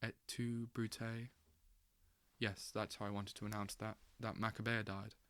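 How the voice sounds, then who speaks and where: A man reading a literary novel aloud as an audiobook, slow and intense, with dramatic swells. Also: fairly low pitch, little pitch movement, fairly bright tone, smooth, no echo. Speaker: audiobook reader.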